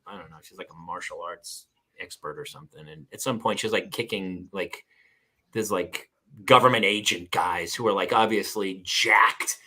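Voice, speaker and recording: A man's voice: low voice, moderate pace, breathy edge. A man hosting a podcast, chatting casually and acting out people's lines as he tells stories. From California. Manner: animated storyteller, acts out other people's lines. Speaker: podcast host. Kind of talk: casual chat.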